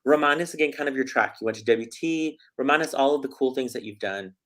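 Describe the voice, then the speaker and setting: A man's voice: medium pitch, fast talker, a bit bright. A man hosting a casual interview, playful and joking, talking in loose run-on sentences. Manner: playful, joking, lots of likes. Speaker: host.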